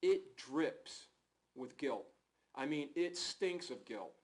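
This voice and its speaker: A man's voice: on the high side, expressive, slow pace, rough recording. A male prosecutor delivering a closing argument in a courtroom, pressing the jury with emphatic rhetorical questions.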